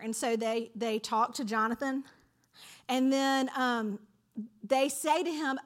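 A woman teaching from a Bible passage in a lively, conversational storytelling manner. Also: high-pitched, takes it slowly.

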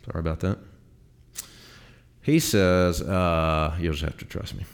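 A man's voice: low-pitched, steady tone, measured pace. A man teaching a Bible class to a group in a classroom, talking casually with filler words and restarts.

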